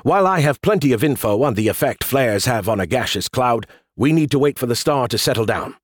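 A man's voice: medium pitch, expressive, brisk, dry recording, close to an everyday voice. A man voicing a boastful, sarcastic male AI that lives in a beer can, in a dry studio recording. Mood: smug. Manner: sarcastic, mocking, self-important.

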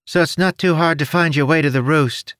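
A man's voice: a little high, brisk, a bit bright, no room sound, studio quality, voice pushed up, lightly acted. A man voicing a small, childlike winged male creature with a trunk, chirpy and carefree, in an audiobook. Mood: cheerful.

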